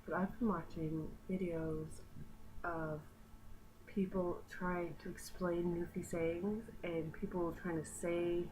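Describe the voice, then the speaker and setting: A woman's voice: on the low side, little pitch movement, slow. A teenage girl from Newfoundland with a strong Newfoundland accent, chatting casually and rambling to camera, swearing now and then. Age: teens. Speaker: vlogger. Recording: noisy home video.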